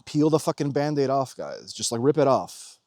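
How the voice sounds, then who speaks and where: A man delivering a casual motivational monologue about spirituality, intense and full of swearing, swinging between loud urging and low murmurs. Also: normal speed, no room sound, studio quality. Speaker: spiritual vlogger.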